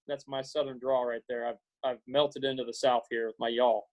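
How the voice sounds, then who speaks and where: A man in his forties from Iowa, giving an earnest, halting pep talk to students on a video call, with many fillers and restarts. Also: medium pitch, little pitch movement, a little mellow, rough recording. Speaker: guest speaker.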